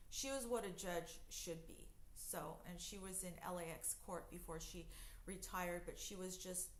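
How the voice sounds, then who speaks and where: A woman telling her own story in a casual storytime vlog, conversational with many fillers and emphatic bursts. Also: fairly low pitch. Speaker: vlogger recounting jail experiences. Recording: echoey room.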